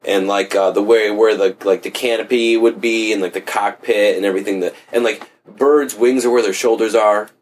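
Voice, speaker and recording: A man's voice: on the low side, fairly even intonation, normal speed, hardly any pauses, a little hiss or hum. A man in casual conversation, rambling loosely with lots of fillers and offhand swearing.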